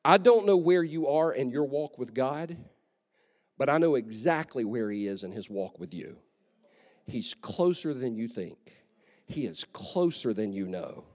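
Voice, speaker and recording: A man preaching a lively sermon as pastor, conversational and joking, in a large church hall. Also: medium pitch, a little slow. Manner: energetic, conversational, joking asides. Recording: long echo of a church hall.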